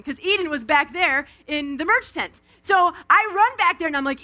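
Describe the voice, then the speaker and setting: Very high, bright-voiced woman preaching. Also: a little fast, hardly any pauses. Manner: animated, acts out quotes, calls on the crowd. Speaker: speaker at a live Christian event. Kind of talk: energetic devotional talk with storytelling. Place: outdoor event stage.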